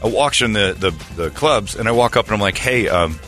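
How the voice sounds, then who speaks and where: A middle-aged man in casual chat, telling a story with animated retellings of what people said. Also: lowish voice, fairly quick, soft background music. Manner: animated storytelling, acting out voices.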